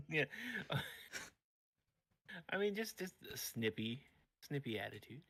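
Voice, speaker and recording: A man who is a voice-actor guest on a casual livestream chat, easygoing and quick to laugh, with a dry, sarcastic wit. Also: fairly high pitch, big pitch swings, fairly bright tone.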